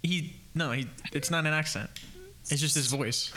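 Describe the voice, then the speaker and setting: A man's voice: a little high, normal speed, very noisy. A man on a podcast, defending himself in a flustered way and tripping over repeated words. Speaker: podcast co-host. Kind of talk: casual chat.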